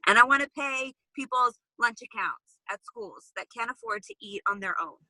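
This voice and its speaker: A woman's voice: a little high, normal speed, bright, forceful tone, no echo, poor audio. A woman in her thirties speaking candidly and earnestly in casual chat on a video call. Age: 30s. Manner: earnest, candid, talks to the audience as "y'all". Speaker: guest.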